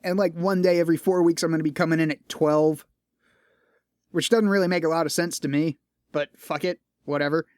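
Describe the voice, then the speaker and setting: A man's voice: on the high side, steady tone, brisk, darkish tone, no echo. Profane, rambling male podcaster, dry sound. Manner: rambling and profane, with frequent restarts; tired, complaining. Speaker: podcast host. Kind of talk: casual solo podcast monologue.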